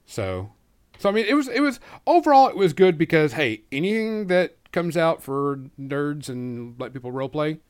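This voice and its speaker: A man's voice: a little high, sing-song, moderate pace, clear, resonant tone. A man hosting a casual podcast chat, easygoing and rambling, with many ums and uhs. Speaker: podcast host.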